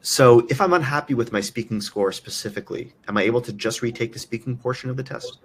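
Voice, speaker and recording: A man's voice: medium pitch, quick pace, a bit bright, slight background noise. A man moderating a webinar, reading out audience questions in a brief, upbeat way over a video call.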